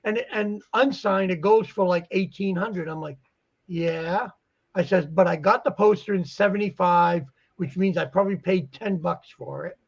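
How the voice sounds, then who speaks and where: Guest dealer: high, gravelly male voice, rambling storyteller, muffled recording. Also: moderate pace. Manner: rambling, acts out quoted conversations. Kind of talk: casual chat. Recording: muffled lo-fi audio.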